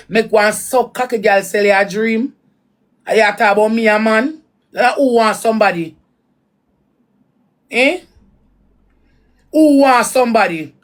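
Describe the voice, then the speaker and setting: A woman with a Jamaican accent giving blunt, repetitive commentary in patois on a reaction vlog. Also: mid-range voice.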